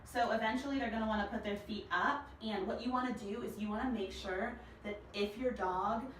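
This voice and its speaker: A woman's voice: fairly high pitch, brisk, fairly bright tone. A young woman casually teaching dog training with her own dog, talking in an easy, chatty way with frequent ums. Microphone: far camera mic. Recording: roomy, distant, noisy home video.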